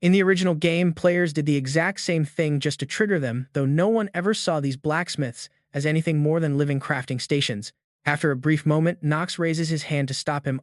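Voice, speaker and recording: A man narrating a fantasy comic recap in an even, steady scripted reading. His voice is slightly higher than most men's. The sound is close and completely dry. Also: brisk, dry recording.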